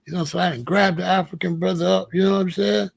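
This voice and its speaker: A man from the United States hosting a casual monologue, telling stories in an emphatic, profane, animated way. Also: sits high, fast talker, creaky, husky. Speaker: commentary host.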